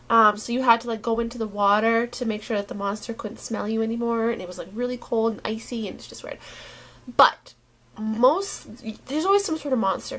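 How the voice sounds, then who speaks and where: A woman talking casually to her camera, rambling and halting with many restarts, sounding uneasy and worried. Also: a little high, fairly bright tone. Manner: unsettled and worried. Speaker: vlogger.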